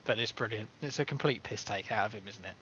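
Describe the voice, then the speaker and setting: A man's voice: fairly low pitch, quick pace, pushed and bright. A man co-hosting a casual film review podcast, agreeable and easygoing, with some swearing. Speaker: podcast co-host. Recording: dull lo-fi podcast audio.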